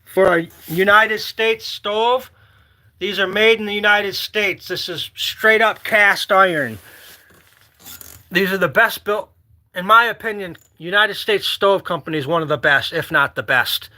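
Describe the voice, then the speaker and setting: A man from Michigan vlogging casually, rambling and joking with loud whoops. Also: high voice, measured pace. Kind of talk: casual outdoor vlog chat.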